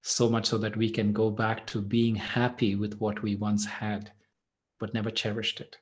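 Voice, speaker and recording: Gentle man telling a meditation parable. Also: lowish voice, flat delivery, moderate pace. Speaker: meditation teacher. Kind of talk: storytelling and reflective talk.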